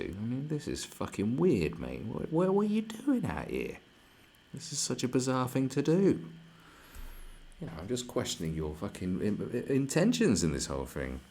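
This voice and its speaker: A man's voice: mid-range voice, big pitch swings, normal speed, a little mellow. Foul-mouthed man ranting on stream. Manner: crude, mocking, laughs often. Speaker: live streamer. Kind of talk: profane ranting reaction stream.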